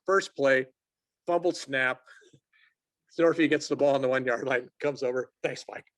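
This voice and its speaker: Older guy in his 60s spinning ref stories, mid pitch, bumps his voice up for quotes, dry sound. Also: normal speed, no echo. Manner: lively storyteller who acts out quotes in a raised voice. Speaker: sports officials assignor, guest. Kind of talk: casual storytelling interview.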